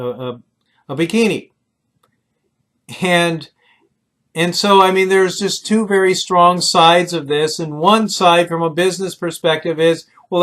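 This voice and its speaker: A middle-aged man with a somewhat high voice delivers a short recorded lecture on ethics. He talks earnestly, leans on personal stories, and often restarts with fillers. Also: fairly bright tone. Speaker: leadership lecturer.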